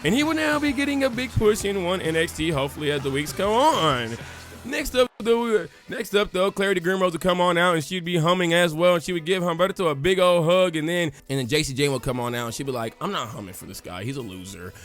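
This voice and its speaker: A lively man with a fairly high voice and a drawl tells the story of his game like a joking storyteller. He acts out crowd chants and other voices as he goes. Faint music plays underneath. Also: fairly quick. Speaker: gaming YouTuber. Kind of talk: casual let's-play commentary.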